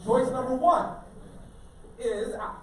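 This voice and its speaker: A man's voice: very high-pitched, slow. A man giving a playful, jokey live speech to students as a motivational speaker, questioning the crowd. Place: school auditorium. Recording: echoey hall, mic from far off, faint hiss.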